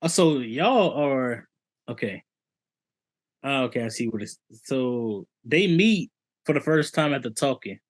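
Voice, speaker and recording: A man's voice: mid-range voice, expressive, measured pace. A man co-hosting a podcast in casual chat, listening closely and asking curious follow-up questions. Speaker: podcast co-host.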